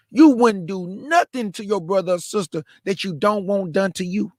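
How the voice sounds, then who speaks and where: A man's voice: high voice, dry recording, studio quality. A male host delivering a preachy, repetitive monologue and addressing his listeners as family.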